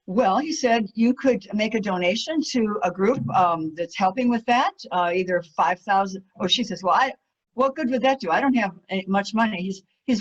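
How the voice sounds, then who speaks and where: A woman giving an enthusiastic storytelling talk as a guest speaker, animated, laughing often, with many fillers. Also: fairly high pitch, normal speed. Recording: muffled lo-fi audio.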